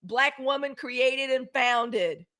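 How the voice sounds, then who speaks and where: A woman from Mississippi hosts a casual livestream in a Southern accent, talking slowly in a high-pitched, fairly bright voice. She addresses viewers straight on as y'all, blunt and fiery, with swearing.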